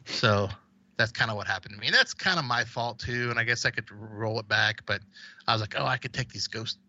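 A man's voice: lowish voice, fairly quick, pushed and bright, highs cut off. A man co-hosting a podcast, chatting casually about video games in a rambling way with restarts. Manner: rambling, with many fillers and restarts. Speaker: podcast co-host.

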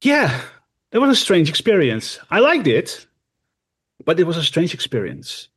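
A man's voice: fairly high pitch, measured pace, slightly rough. Chatty man with a raised voice. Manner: rambling, animated storytelling with fillers. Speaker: podcast co-host and streamer. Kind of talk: casual chat.

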